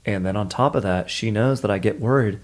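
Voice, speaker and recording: A man's voice: fairly low pitch, a little fast. A young man and podcast co-host chatting casually, laid back, saying dude all the time. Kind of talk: casual chat.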